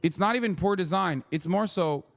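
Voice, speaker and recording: A man on a livestream, talking through political commentary in a profane, emphatic rant. His voice sits fairly high for a man. Faint music plays underneath. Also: fairly quick.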